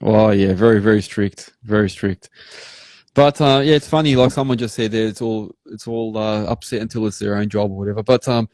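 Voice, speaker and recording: An Australian man hosting a live show, rambling through animated work stories in casual chat. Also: fairly low pitch, brisk, dry recording. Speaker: host.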